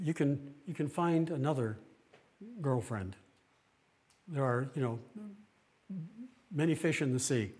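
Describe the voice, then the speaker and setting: Middle-aged pastor guy, earnest, plain talk, pauses and restarts, mid pitch. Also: breathy edge. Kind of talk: sermon-style talk.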